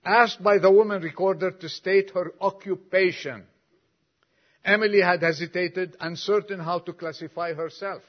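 A man's voice: high voice, steady tone, normal speed. An older man preaching a sermon and reading a long story aloud, with folksy asides to the congregation. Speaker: pastor. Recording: dull lo-fi recording.

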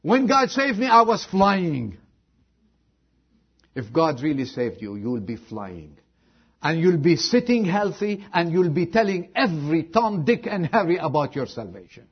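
A man preaching a sermon as pastor, moving from loud exhortation to a hushed prayer. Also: fairly high pitch, very animated, unhurried, breathy edge, highs cut off.

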